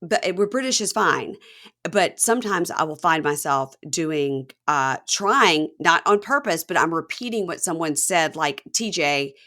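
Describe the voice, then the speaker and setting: A woman's voice: sits low, animated, measured pace, sharp tone. A woman hosting a podcast, recapping reality TV in gossipy casual chat and quoting people in their voices. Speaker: podcast host.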